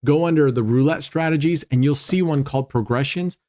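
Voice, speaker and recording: A man's voice: on the high side, brisk, darkish tone. A man hosting a casual gambling walkthrough from home, talking chattily and cheering and laughing when bets land. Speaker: casino strategy channel host.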